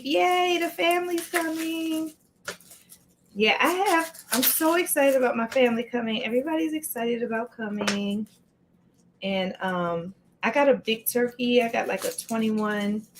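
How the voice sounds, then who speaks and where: This livestream cooking host has a fairly high voice, heard over slight background noise. Working in her home kitchen, she chops away while chatting casually and greeting viewers by name.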